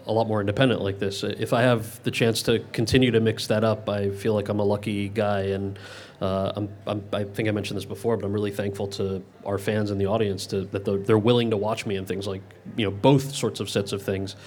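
A man's voice: fairly low pitch, little pitch movement, a little fast, a little mellow. A man in his thirties answering audience questions at a Q&A, rambling and correcting himself as he goes. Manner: rambling, self-correcting, many restarts. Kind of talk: Q&A event.

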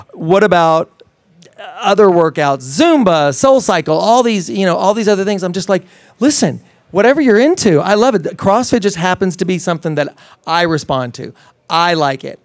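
A man talks in a live interview with a smooth, resonant voice pitched slightly high. He rambles with enthusiasm, restarting his sentences often. The sound is dry and close. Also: no room sound. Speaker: fitness trainer guest. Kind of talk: casual interview talk.

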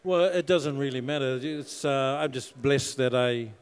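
A man from New Zealand, an actor, telling easygoing stories on a panel with many pauses and fillers. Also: medium pitch, smooth. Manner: relaxed storyteller, self-deprecating, lots of uh and um. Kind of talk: panel Q&A answers. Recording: long hall reverb.

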